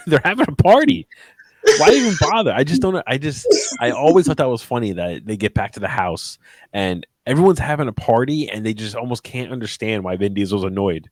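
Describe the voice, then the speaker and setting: A man co-hosting a podcast, chatting casually and jokingly about a movie, animated and swearing now and then. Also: mid-range voice, a little fast, no echo. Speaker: podcast co-host. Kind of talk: casual movie review chat.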